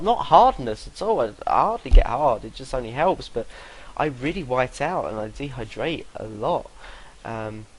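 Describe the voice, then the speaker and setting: A young adult man with a medium-pitched voice rambles through a story to the camera like a vlogger, cursing freely and laughing between sentences. The recording is low quality, with a slight hiss or hum.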